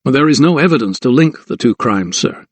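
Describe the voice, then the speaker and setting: A man voicing a composed young doctor in an audiobook, speaking in a measured, formal way. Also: mid-range voice, animated, no room sound, lightly acted. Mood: measured, firm. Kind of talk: audiobook character voice.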